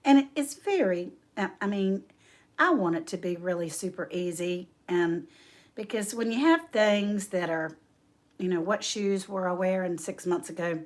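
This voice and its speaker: A woman hosting a casual livestream, chatting warmly with viewers, laughing often and reading out their names. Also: lowish voice, animated, moderate pace. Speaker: homestead channel host.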